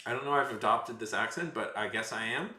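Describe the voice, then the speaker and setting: A man's voice: medium pitch, a little fast, bright, forceful tone. A man chatting casually with his live chat while streaming, rambling with self-corrections and sarcastic asides. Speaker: livestreamer. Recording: roomy echo.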